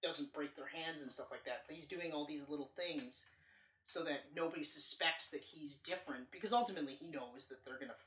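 A man co-hosting a casual movie podcast, rambling and animated, swearing freely as he talks. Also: fairly high pitch, a little fast. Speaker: podcast co-host. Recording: roomy, distant from the mic.

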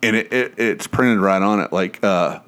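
A man's voice: lowish voice, normal speed, a bit bright, clear, resonant tone. A man, telling a long rambling story on a podcast, swearing freely and acting out what people said. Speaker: podcast host. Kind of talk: casual chat.

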